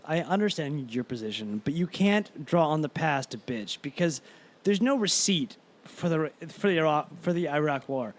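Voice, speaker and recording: Brief: man, voice a bit high, rambling casual banter, lots of restarts. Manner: rambling, stumbling restarts, laughs often. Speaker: podcast co-host. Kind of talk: casual chat.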